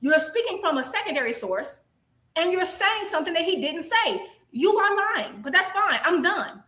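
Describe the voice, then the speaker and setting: A woman's voice: very high-pitched, big pitch swings, normal speed, pushed and bright. A woman co-hosting a stream, arguing insistently and repeating her points in a heated casual debate. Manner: combative, insistent, repeats accusations. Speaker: co-host of a boxing talk stream.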